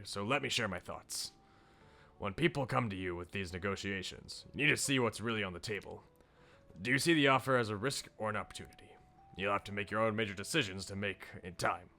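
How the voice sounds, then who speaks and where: A man voicing a weary, reflective middle-aged male politician who speaks in a soft, measured and earnest way. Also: fairly low pitch, gravelly, pitched below the performer's own voice.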